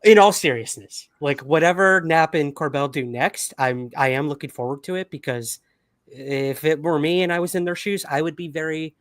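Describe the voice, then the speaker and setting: A man's voice: on the high side, normal speed, dry recording, clean studio sound. A man hosting a podcast livestream, talking casually and upbeat with lots of fillers. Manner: upbeat, chatty, many fillers. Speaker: podcast host.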